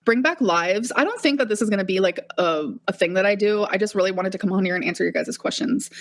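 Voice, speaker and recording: A young woman speaking on a live-stream vlog, talking quickly in a heated, repetitive rant full of swearing. She sounds shaky and upset. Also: medium pitch. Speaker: vlogger.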